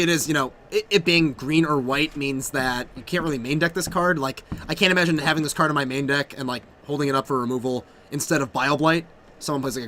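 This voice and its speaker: A man co-hosting a casual card game stream, rambling and excitable with lots of fillers. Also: mid-range voice, slight background noise. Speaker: stream co-host. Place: game store.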